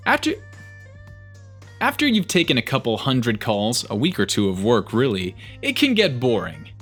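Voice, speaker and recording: A man reads online stories aloud with an animated, swooping delivery. His voice sits in the middle of the male range, and soft music plays underneath. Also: mid-range voice, normal speed, breathy edge. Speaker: story narrator. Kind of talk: reading online posts aloud.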